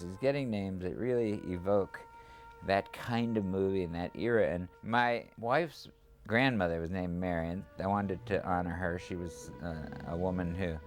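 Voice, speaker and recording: A screenwriter in a reflective interview, remembering calmly and at a measured pace. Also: male voice, sits low.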